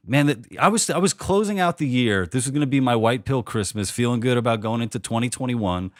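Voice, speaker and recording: In his thirties, a male podcast host rambles through a casual comedic conversation, joking at his own expense and restarting often. He speaks briskly in a mid-range voice, captured in a dry, clean studio recording.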